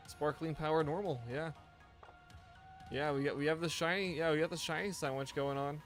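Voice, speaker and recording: A man's voice: a little high, steady tone, moderate pace, faint music behind. A tired man streaming a game live, chatting loosely with viewers and often restarting his sentences. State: tired, yawning. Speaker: gaming streamer. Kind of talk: casual live-stream chat.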